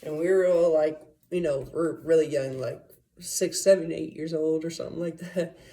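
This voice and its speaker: A woman's voice: sits low, steady tone, normal speed, dark tone. A woman telling a rambling personal story in a casual, profane way, full of fillers and asides. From Las Vegas area, USA.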